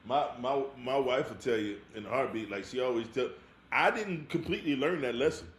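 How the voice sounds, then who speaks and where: A married man co-hosting a podcast, telling lively stories in casual chat and laughing often. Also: medium pitch, a little fast. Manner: animated storyteller, laughs often. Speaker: podcast co-host. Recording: echoey room with faint hiss.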